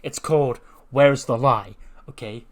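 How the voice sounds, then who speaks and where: A man's voice: mid-range voice, measured pace, lightly acted. A man doing a needling heckler wrestler. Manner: needling, taunting, repetitive.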